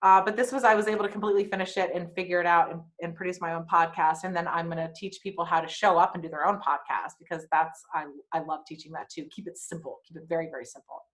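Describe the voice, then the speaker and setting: A woman's voice: on the low side, fairly even intonation, quick pace, hardly any pauses, a bit bright. A woman hosting her own podcast, telling a personal story frankly with swearing and wry asides. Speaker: podcast host.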